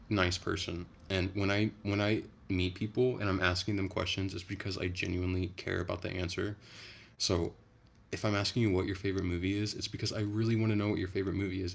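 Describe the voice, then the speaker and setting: Low-pitched, quick, and fairly flat, this young man's voice carries vocal fry as he hosts a casual phone livestream from home. He swears freely, rants, and reads and answers comments from viewers.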